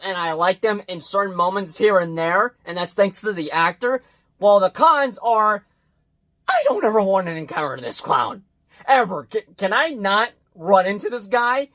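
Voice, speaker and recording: A high-pitched man does a casual movie review vlog, blunt and profane in manner. He swings between loud outbursts and quiet muttered asides.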